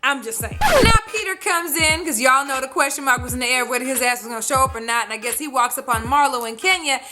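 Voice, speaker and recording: A woman's voice: sits high, quick pace, over music. A woman doing a profane, sassy recap vlog of a reality show, acting out what people said. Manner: sassy, animated, acts out quotes. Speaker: vlogger reviewing a reality show.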